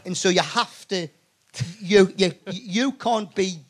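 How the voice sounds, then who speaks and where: A man's voice: high voice, takes it slowly. A Geordie man in his sixties, a guest telling rambling, sweary anecdotes full of restarts. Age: 60s. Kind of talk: live comedy podcast interview.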